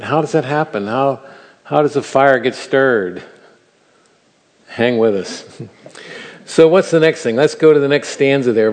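An older man teaching the Bible to a live audience, earnest and animated, asking his listeners questions. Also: medium pitch. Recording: reverberant hall.

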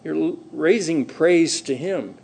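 A middle-aged man delivering a sermon with a fairly high voice for a man. He preaches in a lively, conversational way and slips into acted-out voices for quoted conversations. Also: takes it slowly, gravelly, breathy edge. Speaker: pastor.

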